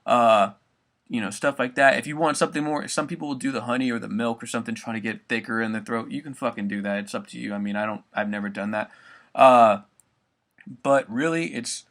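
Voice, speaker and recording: A young man explains a vocal technique in a loose, rambling way, dropping swear words as he goes. His voice is bright and forward, sitting at an ordinary pitch for a man. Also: steady tone, brisk. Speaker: vocal tutor. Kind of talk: casual spoken tutorial.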